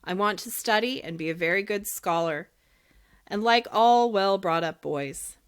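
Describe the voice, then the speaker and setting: A woman's voice: mid-range voice, a little slow, smooth, close to an everyday voice. A woman voicing an earnest young wooden puppet boy in a storybook reading.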